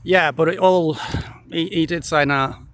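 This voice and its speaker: A man's voice: a little high, steady tone, moderate pace, noisy background. A man rambling through a dry, jokey monologue to the camera outdoors in a wheat field, swearing freely. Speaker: vlogger.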